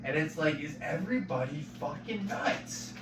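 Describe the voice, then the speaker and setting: A man's voice: on the high side, expressive, moderate pace, music in the background. Swearing, ranting man, far off. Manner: swears constantly, voice rising to angry shouting. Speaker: vlogger. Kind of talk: profane venting rant. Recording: echoey room, far from mic, noisy.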